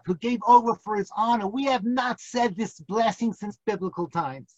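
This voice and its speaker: At a normal speed and in a high-pitched voice, a rabbi teaching online tells a vivid, dramatic story that keeps building suspense, slipping into comic national accents for laughs. The video call audio is dull and lo-fi, without room sound.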